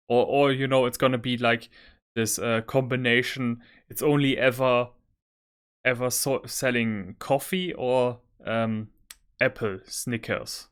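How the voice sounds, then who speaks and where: A man's voice: medium pitch, fairly bright tone. A young man with a German accent rambling through casual gameplay commentary and correcting himself. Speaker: gameplay streamer.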